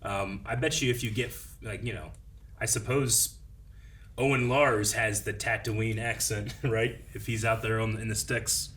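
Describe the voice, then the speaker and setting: A man hosting a casual group discussion, relaxed and chatty, thinking aloud. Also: fairly low pitch, measured pace, recorded from a distance, a little hiss or hum. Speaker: host.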